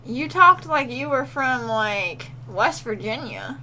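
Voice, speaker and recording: Brief: woman co-host, giggly and laid-back, high and lively. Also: slow, a little hiss or hum, poor audio. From Alabama. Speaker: podcast co-host. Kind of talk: casual comedic chat.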